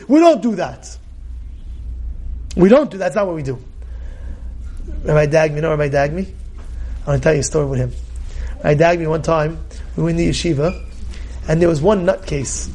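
A man teaching a Torah class as a rabbi, emphatic and animated, with loud outbursts and many rhetorical questions. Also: sits high, normal speed, long pauses.

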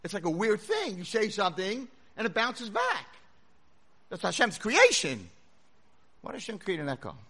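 A rabbi giving a sermon to a room of listeners, telling stories dramatically and swinging from a hush to full shouts. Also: male voice, sits high, huge pitch swings, moderate pace, slightly rough. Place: lecture hall with audience.

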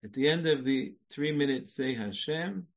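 A man's voice: medium pitch, animated, normal speed, poor audio. A man giving a religious lecture, repeating short phrases, laughing and breaking into song. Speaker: Jewish lecturer.

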